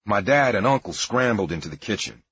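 A man's voice: fairly low pitch, lively intonation, fairly quick, a bit bright. A man narrating a memoir in a wry, matter-of-fact storytelling manner. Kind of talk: memoir audiobook reading. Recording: dry, dull lo-fi recording.

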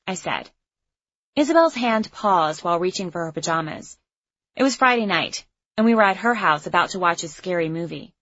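Female audiobook narrator, wry and expressive; dry, dull lo-fi recording. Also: fairly low pitch, moderate pace, no room sound. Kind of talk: first-person audiobook narration. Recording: slightly muffled lo-fi recording.

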